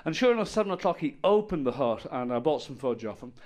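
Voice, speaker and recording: A middle-aged man doing a stand-up set on stage, telling stories deadpan with bursts of loud exasperation. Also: on the high side, fast talker, slight background noise. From Ireland. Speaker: stand-up comedian. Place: comedy stage with audience.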